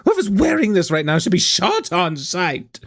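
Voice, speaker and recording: A man's voice: high-pitched, wildly swooping pitch, normal speed, pitched above the performer's own voice, exaggerated voice. A man voicing a brash, mocking talk-show host who trashes people. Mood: snarky. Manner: theatrical, mocking delivery.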